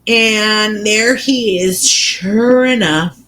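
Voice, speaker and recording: A woman's voice: medium pitch, drawn-out words, fairly bright tone, rough recording. A woman co-hosting a casual book podcast, retelling scenes with lots of animation and little voices for the characters. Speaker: podcast co-host.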